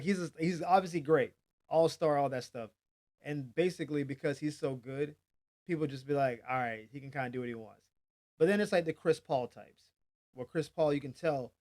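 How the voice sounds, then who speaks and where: A man hosting a daily sports news channel, chatting casually and animatedly, acting out quotes with hype shouts. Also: on the high side.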